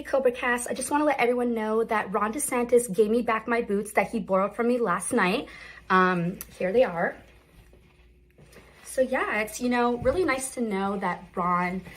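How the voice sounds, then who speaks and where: A woman's voice: fairly high pitch, expressive, unhurried, fairly bright tone, low-quality recording. Chatty woman in a casual clip.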